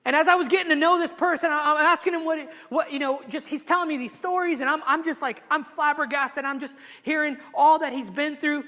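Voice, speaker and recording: A male pastor preaching a sermon in a church, emotional and animated, often restarting his sentences. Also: extremely high pitch, fairly quick, few pauses, in a large hall. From immigrated to the US at twelve. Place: church sanctuary.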